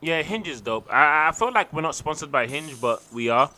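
A man's voice: a little high, expressive, moderate pace, bright, forceful tone. A man co-hosting a podcast, brash and boastful in casual banter. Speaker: podcast co-host.

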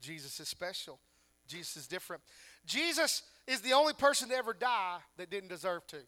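Bright high-voiced man preaching. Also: sing-song, brisk. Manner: preaching with emphatic rhetorical questions. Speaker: pastor. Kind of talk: sermon.

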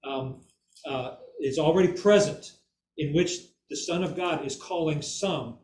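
In an echoey room with the mic far off and faint ambience, a man gives an informal Bible teaching, often checking in with "okay?" and "right?" and repeating words for emphasis. His voice is a little high, a little slow, and a little mellow.

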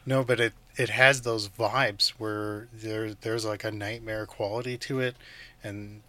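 A man's voice: lowish voice, little pitch movement, a little slow, sharp tone. A man co-hosting a casual film podcast, enthusiastic, laughing often and acting out scenes. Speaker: podcast co-host.

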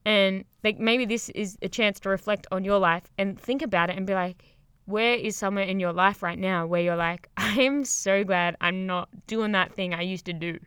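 A woman's voice: mid-range voice, moderate pace, fairly bright tone, smooth, dry recording. A young woman hosting a casual motivational podcast, rambling and upbeat, swearing freely and laughing often, recorded very close to the microphone while crouched under blankets. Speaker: podcast host, yoga teacher.

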